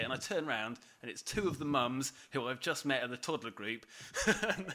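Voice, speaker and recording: A man's voice: medium pitch, expressive, normal speed, pushed and bright, slight background noise. A man on a podcast, animatedly telling a story through laughter and swearing. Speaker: podcast co-host. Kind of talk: casual storytelling chat.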